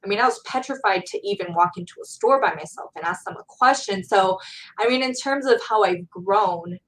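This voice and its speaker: Talking fairly quickly in a mid-range voice, a Gen Z college student appears as a guest in a casual interview chat. The young woman speaks earnestly and heartfelt about motivating students, captured in a rough recording.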